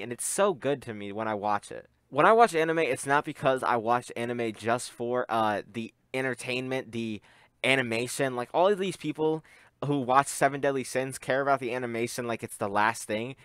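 A man's voice: medium pitch, moderate pace, clean tone, dry recording. Young guy with a muffled voice, rambly anime reaction, dry close sound. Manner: excitable, rambling with many "like" fillers. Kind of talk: casual reaction commentary.

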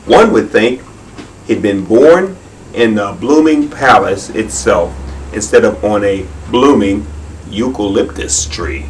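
A man's voice: fairly low pitch, animated, slight background noise. A man reading a children's story aloud in a leisurely way, drawing out his phrases, heard from a distance. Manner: unhurried, with leisurely drawn-out phrasing.

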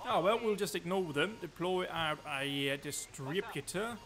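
A man giving excitable, chatty live commentary while he plays a game, joking to himself as he goes. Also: high voice, normal speed, few pauses. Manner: excitable, talks loud, quips at himself. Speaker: streamer.

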